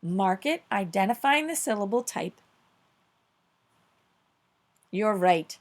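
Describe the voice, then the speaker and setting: A woman leads a recorded phonics lesson for young children. She sounds upbeat and encouraging, praising often and slowing down to stress each example word clearly. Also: medium pitch, expressive. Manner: upbeat, encouraging, slow clear emphasis on words. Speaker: teacher.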